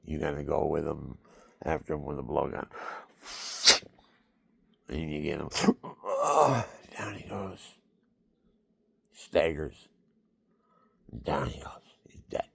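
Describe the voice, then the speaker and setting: A man with a low, gravelly voice rambles through a loose monologue, circling back and repeating himself. The sound is dry and close, with no room around it. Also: fairly even intonation, slow, long pauses, darkish tone, dry recording. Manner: rambling, repetitive, acts out quoted voices.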